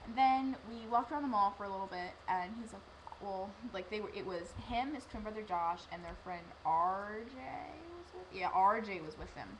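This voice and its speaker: A teenage girl tells a long personal story straight to the camera, rambling and emotional, breaking into lively acted-out quotes. Her voice sits at an ordinary pitch. A steady hiss of noise runs under the whole homemade recording. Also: moderate pace, rough recording. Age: teens. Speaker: vlogger.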